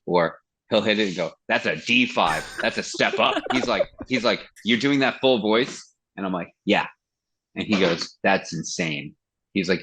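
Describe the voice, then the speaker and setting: A metal singer being interviewed on a podcast, talking in a loose, profane way. His voice sits low and a little husky. He acts out what others said to him as he tells his stories. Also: fairly bright tone, rough recording. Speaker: guest singer of a metal band. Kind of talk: casual interview chat.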